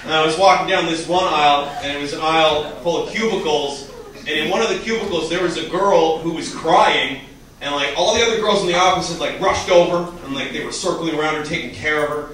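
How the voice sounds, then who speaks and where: High-voiced animated stand-up comic. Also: male voice, brisk, a little hiss or hum. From Canada. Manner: animated, rising to shouts on punchlines. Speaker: stand-up comedian. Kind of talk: stand-up comedy set. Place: comedy club stage. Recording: echoey club from a distance, crowd laughing.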